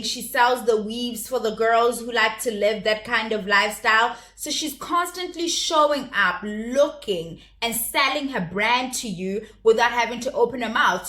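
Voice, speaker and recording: A young adult woman on her own channel gives a chatty, opinionated review of a reality show, often repeating words as she restarts. Her voice is on the high side, pushed and bright, in a roomy, echoey space.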